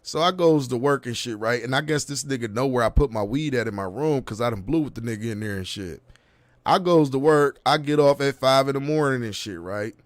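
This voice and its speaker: A man in his thirties telling a long story in casual chat, with animated delivery and heavy street slang, acting out what people said. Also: medium pitch, brisk, no echo. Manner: animated, profane street slang, acts out quotes. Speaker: podcast host.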